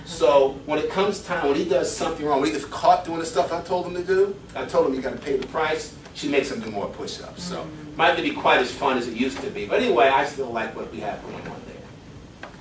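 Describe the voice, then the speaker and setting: A middle-aged man with a slightly high voice gives a seminar talk as a fitness coach, full of lively personal stories and easy chuckles. He sounds distant from the mic, and the echoey room carries a faint hum of ambience. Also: fairly quick. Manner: animated storyteller, chuckles often.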